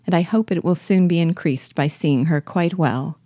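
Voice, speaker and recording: A woman reading aloud, voicing a good-natured young gentleman who speaks earnestly and kindly. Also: lowish voice, moderate pace, no echo, clean studio sound, close to an everyday voice. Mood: friendly. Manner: warm-hearted, earnest, easygoing.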